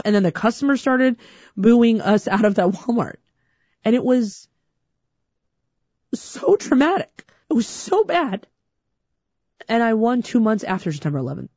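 A young adult woman comedian telling a personal story on stage, animated and acting out the other people's voices. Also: mid-range voice, moderate pace, long pauses, dry recording, highs cut off. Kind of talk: stand-up storytelling.

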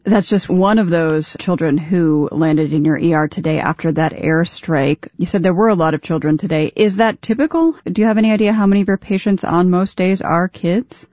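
Lady radio news host, calm steady delivery, dry slightly dull audio. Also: lowish voice, normal speed, hardly any pauses, dry recording. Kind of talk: news presenting and interviewing.

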